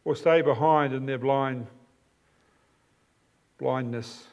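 A man's voice: medium pitch, steady tone, slow pace, a little mellow. A man preaching a sermon, explaining a passage with emphatic, repeated phrases.

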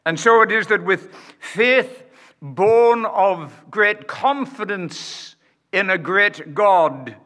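A man preaching a sermon in a slow, emphatic way, with dramatic pauses and rhetorical questions to the congregation. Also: high voice, sharp tone.

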